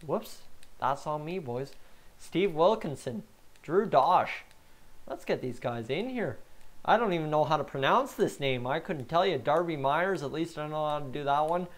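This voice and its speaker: Casual man from canada narrating his game live on stream, reads the chat out and jokes with viewers, easygoing with loud excited bursts. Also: a little high. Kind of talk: live-streamed gameplay commentary.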